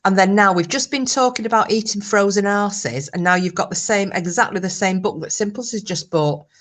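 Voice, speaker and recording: A woman's voice: medium pitch, a little fast. An older woman hosting a casual livestream chat, laughing often and reading out her viewers' comments. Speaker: livestream host.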